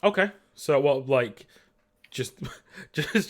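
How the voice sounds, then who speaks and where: A man's voice: mid-range voice, lively intonation, fairly quick, fairly bright tone. A man running a tabletop role-playing session over voice chat. His voice sits in a middle range, and he is upbeat and chatty, laughing easily between questions. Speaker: game master.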